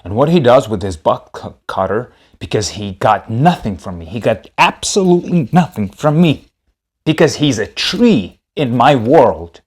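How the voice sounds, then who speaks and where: A man's voice: mid-range voice, animated, moderate pace, darkish tone, slightly rough. A man telling a comedic story on a podcast, rambling and repeating himself.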